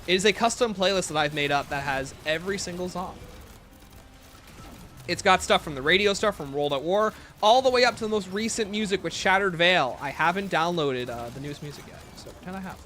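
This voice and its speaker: Joking, bright-voiced male game streamer. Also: high voice, animated, a little fast, slight background noise. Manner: casual, joking, self-mocking banter. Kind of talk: live gameplay commentary, reading chat. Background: faint game music playlist.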